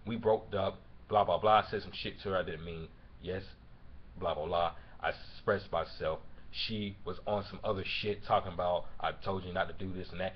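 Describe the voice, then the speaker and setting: A man venting about a breakup in a profane personal rant, dropping to a low mutter and then building to loud shouting. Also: husky. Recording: dull lo-fi recording.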